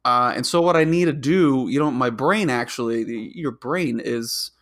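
A man's voice: medium pitch, normal speed, a bit bright. A man co-hosting a casual podcast, rambling through his points with lots of fillers and restarts. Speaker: podcast co-host.

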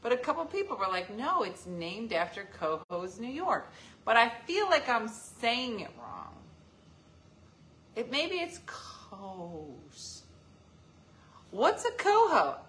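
A woman's voice: on the high side, very animated, slow, a bit bright. A woman hosting a casual live stream, joking and teasing as she answers viewer comments. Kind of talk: casual chat.

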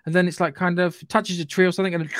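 A man from Surrey with a southern English accent, co-hosting a casual podcast chat about films, animated, sweary and acting out scenes. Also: high voice, fast talker, no echo, clean studio sound. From England, Surrey area. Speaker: podcast co-host.

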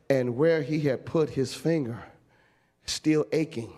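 A man preaching a lively storytelling sermon, shouting and laughing as he acts out the story. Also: fairly high pitch, measured pace. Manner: animated, shouting and laughing while acting out a story. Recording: long echo of a large hall.

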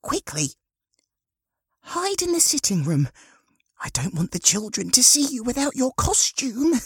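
Guy doing a high fussy old lady running a kids' home, all in a rush, husky, dry sound. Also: wildly swooping pitch, fairly bright tone, dry recording, full character voice. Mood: relieved, hurried. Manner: flustered, hurried and gushing. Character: fussy grey-haired woman running a children's home.

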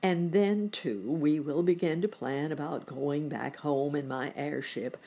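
A woman voicing a kindly, fussy old gentleman rabbit in a storybook reading. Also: sits low, measured pace. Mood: planning.

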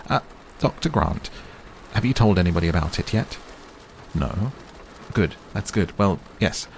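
A man's voice: deep voice, lively intonation, measured pace, a little hiss or hum. A man voicing an old male tycoon who is cheerful, persistent and talks over others, read as an audiobook character. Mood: uneasy.

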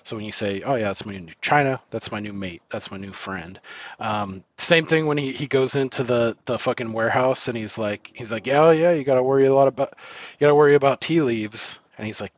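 A man's voice: medium pitch, brisk, no room sound. A man co-hosting a film podcast, rambling casually with lots of fillers and swearing. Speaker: podcast co-host.

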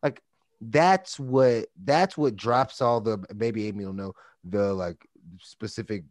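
Texan man, lowish voice, coach guest, chatty and rambling, dry sound. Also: slow, no room sound. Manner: rambling, lots of "like" and restarts. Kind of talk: casual podcast chat.

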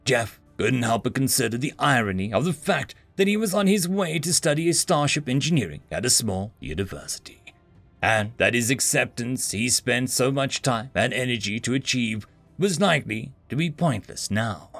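A man's voice: mid-range voice, expressive, moderate pace, vocal fry, fairly bright tone, faint music behind. A man narrating a sci-fi story in a dry, wry storytelling manner.

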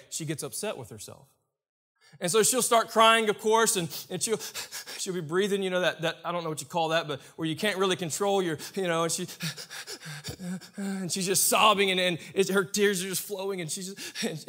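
A young adult man preaching a sermon as pastor, emphatic and repetitive, swinging between loud and hushed passages. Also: sits high.

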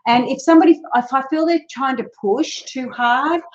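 A woman raised in Australia hosts a podcast in casual chat, speaking in a high voice at normal speed. She's chatty and often restarts her words. The recording has a dull lo-fi sound.

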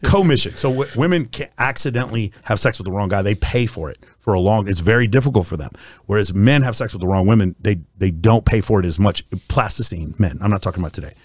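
A man talks in a quick, headlong rush, blunt and full of swearing as he spins stories in a casual podcast chat. His voice sits a little low. The sound is close and dry. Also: lively intonation, darkish tone, dry recording. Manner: blunt, profane, rapid storytelling.

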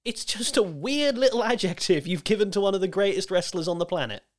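A man talks through his argument on a podcast and plays devil's advocate in a reasoned way. His pitch moves around a lot, and he adds quick asides between points. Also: lively intonation. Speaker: podcast co-host. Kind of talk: casual podcast chat.

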